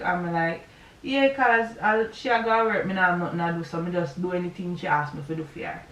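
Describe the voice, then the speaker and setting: A woman's voice: lowish voice, a little fast, fairly bright tone, roomy sound, distant mic, a little hiss or hum, low-quality recording. A woman with a Jamaican accent telling a personal story in a casual, rambling vlog, full of asides and checks on the listener. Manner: rambling, chatty retelling with asides. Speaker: vlogger.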